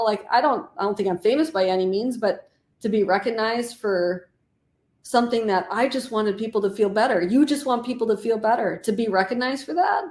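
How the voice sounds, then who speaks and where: A woman's voice: mid-range voice, a little mellow. A middle-aged woman guest, a nutritionist and author, talking heartfelt and chatty with many fillers in a casual interview. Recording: echoey room.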